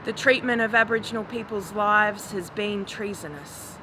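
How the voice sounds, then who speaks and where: A woman in her forties performing a spoken word poem with a measured, grave delivery that rises to impassioned calls. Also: medium pitch. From Australia. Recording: noisy recording with traffic ambience.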